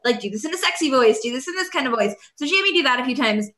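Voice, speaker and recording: A woman voice actress and director telling a lively anecdote and acting out quotes. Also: sits high, racing. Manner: lively storyteller, acts out quotes. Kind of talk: casual anecdote. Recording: echoey room.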